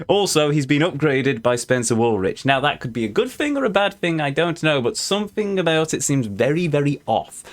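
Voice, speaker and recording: A man's voice: on the high side, big pitch swings, normal speed. A man hosting a let's play, talking through the game in a playful, gushing way. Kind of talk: casual gameplay commentary.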